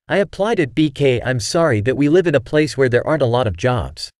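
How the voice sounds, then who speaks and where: A man's voice: big pitch swings, fairly quick, no room sound, clean studio sound, close to an everyday voice. A man voicing a scheming, defensive younger brother. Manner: higher, louder put-on voice for quoted dialogue.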